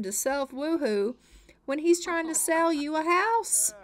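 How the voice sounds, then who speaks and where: A woman's voice: high-pitched, lively intonation, takes it slowly. A young woman giving chatty, exasperated and dramatic commentary over a life-sim game. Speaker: let's play host.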